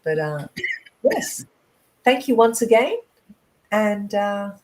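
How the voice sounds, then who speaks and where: Woman cohosting a video call chat, slow and animated, voice bouncing all over. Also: medium pitch, low-quality recording. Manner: animated, laughs often, stretches words for emphasis. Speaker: co-host of an online talk show. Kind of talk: casual chat.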